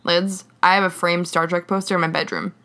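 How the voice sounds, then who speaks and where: Woman voicing a young man, teasing, affectionate, lowish voice, storybook reading. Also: fairly even intonation, fairly quick, bright, forceful tone. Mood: playful. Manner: playful, teasing.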